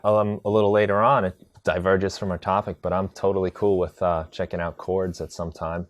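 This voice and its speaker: A man teaching a live tutorial on drum sequencing, chatty and relaxed, answering viewer questions as he demonstrates. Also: low voice, brisk, no echo. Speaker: music production instructor.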